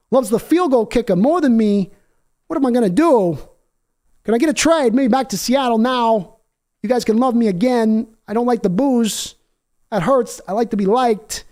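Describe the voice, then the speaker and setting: A man's voice: very high voice, darkish tone, voice pushed up. A man impersonating a sulky, self-pitying male star quarterback who whines and fishes for sympathy. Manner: whiny, wounded, fishing for sympathy.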